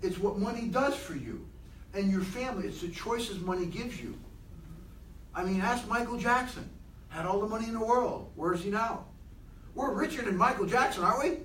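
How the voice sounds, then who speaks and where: A man giving an animated motivational talk to a room of people, asking them many questions. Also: sits high, moderate pace, reverberant, distant mic, slight background noise, rough recording. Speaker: motivational speaker.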